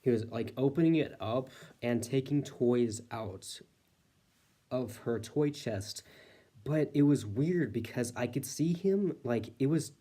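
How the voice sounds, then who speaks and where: A man's voice: medium pitch, takes it slowly, warm tone. A man casually telling a personal ghost story, rambling with lots of filler words and an easy, matter-of-fact manner. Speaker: storyteller host.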